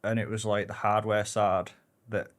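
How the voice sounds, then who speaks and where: A man with a fairly low voice sits in as a podcast guest. He talks in a relaxed, rambling way, often correcting himself and swearing casually. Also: normal speed. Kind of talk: casual chat.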